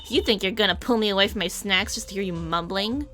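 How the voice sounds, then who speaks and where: A woman voicing a bossy young woman detective, speaking briskly and dismissively. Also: mid-range voice, bright, forceful tone, soft background music, lightly acted. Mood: snippy, bossy.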